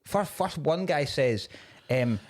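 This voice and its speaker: A man's voice: fairly high pitch, takes it slowly. Sweary man telling stories. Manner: sweary, storytelling, animated. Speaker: podcast co-host, comedian. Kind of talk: casual chat.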